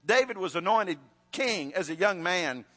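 A man's voice: high voice, expressive, unhurried, fairly bright tone, big-room sound. A male preacher, telling a Bible story in a conversational sermon with frequent restarts.

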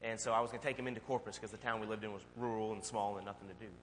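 A male pastor preaching a sermon and telling a personal story in a conversational, animated way. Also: on the low side, racing. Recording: long hall reverb, faint hum.

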